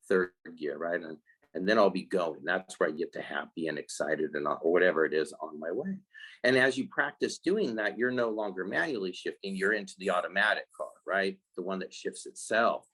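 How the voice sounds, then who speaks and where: A man who coaches kids in life skills talks in a casual podcast interview, explaining things in an animated way and acting out the voices of people he quotes. His voice is deep with a breathy edge, at normal speed, and the recording quality is low.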